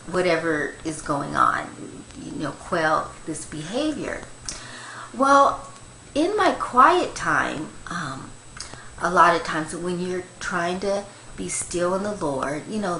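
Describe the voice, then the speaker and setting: An older woman, a grandmother, giving a gentle, rambling devotional talk on Christian meditation, with many fillers. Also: lowish voice, roomy sound, slight background noise, poor audio.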